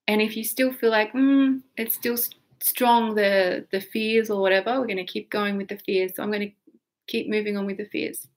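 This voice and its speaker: A woman guiding a tapping session, speaking slow soothing affirmations and acting out frustration for listeners to repeat. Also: mid-range voice, steady tone. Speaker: tapping coach.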